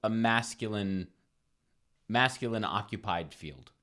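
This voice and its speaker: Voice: medium pitch, slow, a bit bright. A podcast host from Rhode Island who chats casually, laughs easily, and stumbles a little over questions. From Providence, Rhode Island. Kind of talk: casual interview chat.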